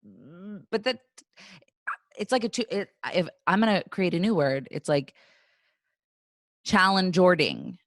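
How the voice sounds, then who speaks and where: Animated, self-deprecating woman guest. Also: fairly low pitch, normal speed, dry recording, clean studio sound. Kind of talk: casual interview chat.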